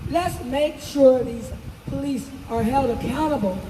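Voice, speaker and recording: An older woman with a high voice delivers a fervent street rally speech, hammering her points home by repeating them. She is picked up from a distance, with an echoey open-air sound and heavy traffic noise behind her. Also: measured pace. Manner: emphatic, repeating phrases for effect. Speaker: speaker at a protest rally.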